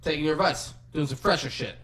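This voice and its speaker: A podcast co-host recaps a film's scenes in casual chat, acting out the characters' lines with lots of swearing. His voice is on the high side and a bit bright, he talks fast, and there's a little hiss or hum in the recording.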